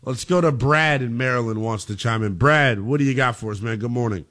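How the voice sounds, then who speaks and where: A man's voice: medium pitch, a little fast, a bit bright. A man hosting a sports talk radio show, emphatic and opinionated as he takes calls.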